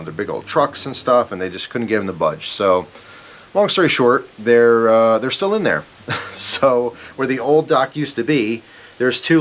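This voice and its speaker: A young man telling a rambling, animated story to camera, often chuckling as he goes. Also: lowish voice. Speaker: vlogger. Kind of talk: casual storytelling. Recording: faint hiss.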